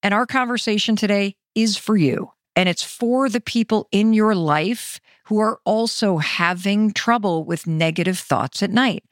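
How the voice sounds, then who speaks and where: A middle-aged woman hosting a motivational podcast, chatty and expressive, speaking straight to the listener. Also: mid-range voice, a little slow, few pauses, no room sound, clean studio sound. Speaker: podcast host.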